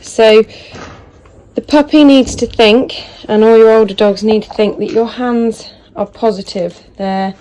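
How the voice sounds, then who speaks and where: A woman, a dog trainer, explaining hand feeding while filming on a phone held in her hand and softly praising her puppy. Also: on the high side, fairly even intonation, unhurried. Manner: soft murmured praise to the puppy. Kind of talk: casual instructional talk.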